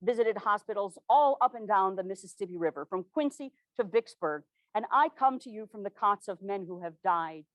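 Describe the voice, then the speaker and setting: An earnest widow from the 1860s, portrayed by a woman, tells her story in a first-person historical portrayal. Her diction is formal and measured, and her pitch sits in the middle range. The sound is dry, with no room echo. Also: lively intonation, lightly acted. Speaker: living historian.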